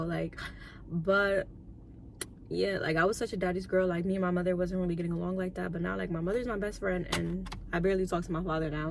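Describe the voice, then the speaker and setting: Young woman, YouTuber, emotional vlog, close to tears, soft-spoken, faint background noise. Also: on the low side, creaky. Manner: soft-spoken, filler-heavy, tearful at times. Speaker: YouTuber and lash tech.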